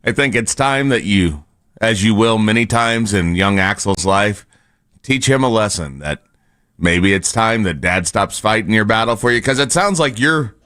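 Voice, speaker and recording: Low-voiced radio co-host giving advice. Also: male voice, lively intonation, normal speed, fairly bright tone. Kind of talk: casual radio banter.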